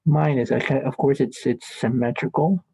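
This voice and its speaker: A man's voice: medium pitch, fairly even intonation, moderate pace, creaky, mellow, slightly rough, no room sound, rough recording. A man teaching statistics in a classroom lecture, chatty and joking as he thinks aloud at the board.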